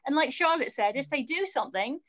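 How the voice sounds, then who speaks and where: A woman with a high voice speaking quickly and eagerly on a webinar. She stresses her points by repeating words, and the dull audio sounds lo-fi. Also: animated, fairly bright tone. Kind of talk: casual webinar answer.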